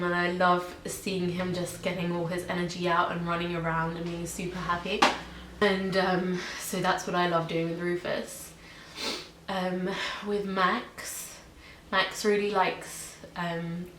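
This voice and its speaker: Low, flat-voiced young woman vlogging. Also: measured pace. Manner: chatty, many ums and likes. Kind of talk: casual pet tag video. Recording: echoey room with faint hiss.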